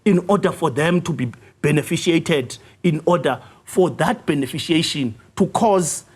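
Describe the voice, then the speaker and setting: A South African man, a youth league official, arguing his case in a news interview, assertive and clearing his throat often. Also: moderate pace. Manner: assertive, rises in pitch when pressing a point, frequent throat clearing. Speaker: youth league secretary general, interview guest. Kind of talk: political interview, argumentative.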